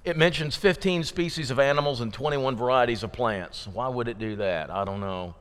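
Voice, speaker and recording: A man's voice: medium pitch, normal speed, fairly bright tone. A man preaching a sermon in a folksy, joking, conversational way to his congregation in a church. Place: church sanctuary. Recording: long reverb of a church hall.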